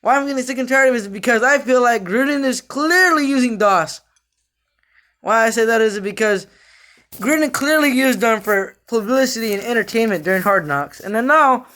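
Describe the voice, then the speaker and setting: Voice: medium pitch, normal speed, bright, forceful tone. Rambling frustrated sports fan ranting. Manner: many fillers and restarts. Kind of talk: casual fan rant.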